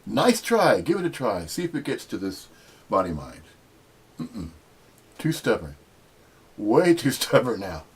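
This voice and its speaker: Lively American man with a husky voice. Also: measured pace, long pauses. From United States. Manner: rambling and teasing, with sudden high-pitched emphasis. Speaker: spiritual talk host. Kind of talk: casual spiritual monologue.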